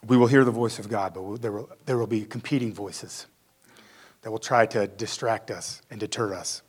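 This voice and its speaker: A man's voice: lowish voice, normal speed, a little mellow, husky. Conversational male pastor preaching. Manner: conversational, acts out quotes. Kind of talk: sermon.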